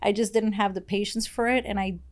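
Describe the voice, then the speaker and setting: A woman's voice: mid-range voice, fairly even intonation, brisk. A woman from Brazil, a podcast guest telling her story in a candid, rambling way, full of "like"s and blunt swearing. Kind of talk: casual interview storytelling.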